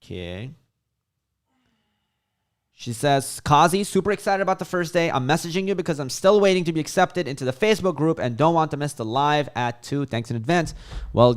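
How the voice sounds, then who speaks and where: A man from Chicago hosting a casual livestream and reading viewer comments aloud with lots of hype. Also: a little high. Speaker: livestream host.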